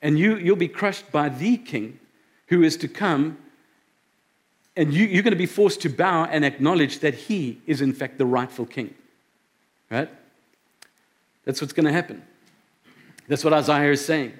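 A man's voice: a little high, unhurried, long pauses. A pastor preaching a sermon to his congregation, conversational and emphatic, often checking in with his listeners. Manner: conversational preaching with rhetorical questions. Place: church service before a congregation.

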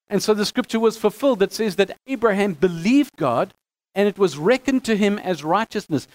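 High-voiced man teaching scripture. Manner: conversational, animated when reading quotes, some stammering restarts. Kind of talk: Bible teaching talk.

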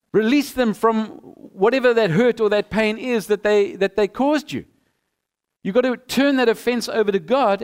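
Guy preaching a sermon, higher voice, super clear and smooth, does little back-and-forth skits. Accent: non-local accent. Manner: animated preaching, acting out both sides of a dialogue. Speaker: pastor.

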